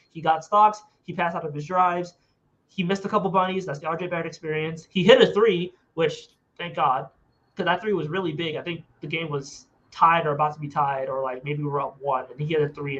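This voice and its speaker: A high-voiced man co-hosts a basketball talk show, speaking with emphatic, animated conviction. His audio comes through dull and muffled, as if over a cheap mic. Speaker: podcast co-host. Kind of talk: casual postgame basketball talk. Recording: muffled lo-fi sound.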